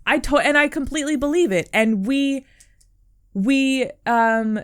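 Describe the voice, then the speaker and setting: Speaking a little slowly in a high voice, this young adult podcast co-host chats casually and encouragingly. She comes across as earnest and fills her talk with "um" and "like."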